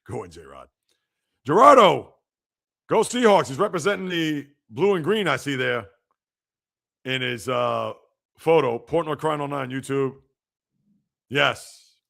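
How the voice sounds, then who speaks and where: Gravelly-voiced man hosting a live sports show. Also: medium pitch. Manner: animated, talks back to viewers' comments. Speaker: podcast host. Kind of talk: live sports podcast reading chat comments.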